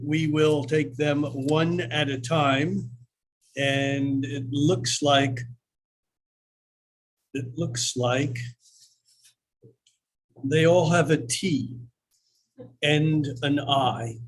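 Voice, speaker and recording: A man with a voice a bit higher than most hosts a live astrology night in a coffeehouse, chatting loosely with the crowd. He rambles, fills gaps with "um" and "like," and pokes fun at himself as he goes. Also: fairly even intonation, takes it slowly, low-quality recording. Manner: rambling, filler-heavy, self-deprecating. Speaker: astrologer hosting a monthly live event. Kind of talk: casual live talk and storytelling. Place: coffeehouse event space.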